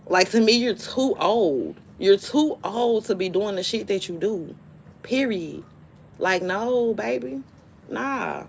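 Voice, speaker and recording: A woman's voice: mid-range voice, animated, slow pace, slight background noise. A woman hosting a live stream, ranting in a blunt, profane, dismissive way and telling stories with animation. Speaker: livestream host. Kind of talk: casual live-stream rant.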